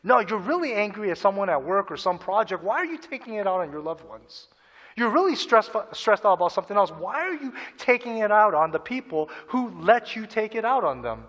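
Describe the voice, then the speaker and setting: An earnest male preacher delivering a sermon, his voice pitched high and ringing bright. He acts out people's inner voices and repeats key phrases for emphasis. A long reverb trails behind him in a large hall. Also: sing-song, fairly quick. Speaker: pastor.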